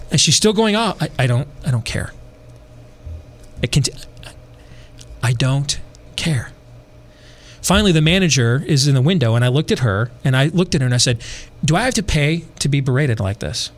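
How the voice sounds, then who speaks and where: A man hosting a podcast, telling a long personal story in a casual, animated way, repeating himself and adding dry asides. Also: mid-range voice, a little hiss or hum. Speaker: podcast host.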